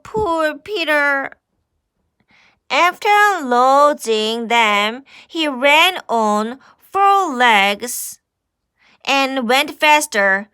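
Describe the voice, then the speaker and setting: A woman's voice: high-pitched, sharp tone, smooth, no room sound, studio quality. A woman with a Korean first language reading a picture book aloud to children as their English teacher, exclaiming and asking the listener questions.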